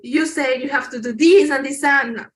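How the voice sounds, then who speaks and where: A woman from Colombia with a Colombian Spanish accent and Spanish as her first language. She speaks as a Spanish teacher giving an interview, explaining patiently and pausing to search for English words. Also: high voice, low-quality recording. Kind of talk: conversational interview.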